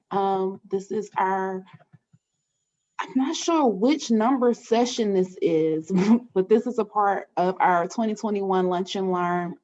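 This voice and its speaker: A woman's voice: mid-range voice, a little mellow. A woman hosting an online webinar in a chatty, friendly way, with frequent filler words. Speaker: webinar host. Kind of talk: casual hosting with housekeeping announcements. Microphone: video call. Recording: muffled video-call audio.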